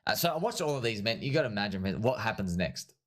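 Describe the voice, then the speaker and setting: A man hosting a casual livestream, talking through crypto price charts in an excitable, repetitive way and often calling his audience friends. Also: lowish voice, fast talker. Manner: laughs at his own points. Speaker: livestream host and crypto trader.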